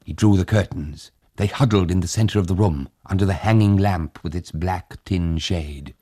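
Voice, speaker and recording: A man narrating an audiobook in a measured, steady way. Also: deep voice, no echo, clean studio sound.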